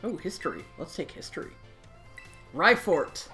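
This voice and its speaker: A woman's voice: fairly low pitch, very animated, moderate pace, a bit bright, faint music behind. A woman giving sarcastic, wry let's play commentary while reading in-game dialogue.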